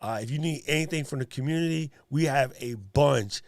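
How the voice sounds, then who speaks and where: A man's voice: medium pitch, a little fast, no echo. A man hosting a livestream in a casual, joking way. He laughs often as he thanks his guest and talks to viewers. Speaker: livestream host.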